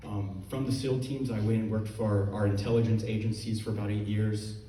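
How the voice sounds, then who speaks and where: A man's voice: on the low side, level tone, brisk, mellow. A man veteran giving a personal testimony, hesitant with many fillers and choked up at times. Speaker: veteran speaker. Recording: echoey room, distant mic, faint noise.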